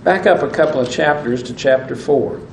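A man's voice: mid-range voice, normal speed, creaky. A man preaching a sermon, reading scripture aloud and asking his listeners questions. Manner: asks the audience questions, reads scripture aloud. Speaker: pastor. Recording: echoey room with faint noise.

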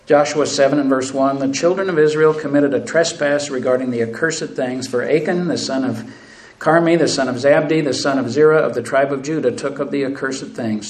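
Here a preacher with a medium-pitched voice, heard through a rough recording, speaks earnestly to his brethren. His scripture reading rises steadily in intensity.

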